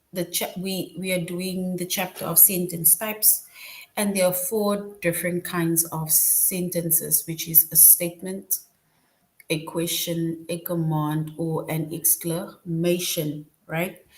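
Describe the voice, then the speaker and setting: Patient woman teacher, lowish voice. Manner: patient, repeats "right?" to check understanding; explains step by step with examples. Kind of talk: online class lesson.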